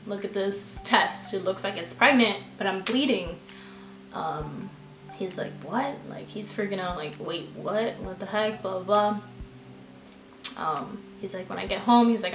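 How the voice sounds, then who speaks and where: A woman's voice: mid-range voice, a bit bright. A young woman tells a personal story to the camera in a loose, chatty way, packing in fillers and acting out her own past lines. Her voice sits mid-range for a woman and rings in a roomy, echoey space, with faint music under it. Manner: chatty, filler-heavy, quotes herself with "I'm like". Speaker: vlogger.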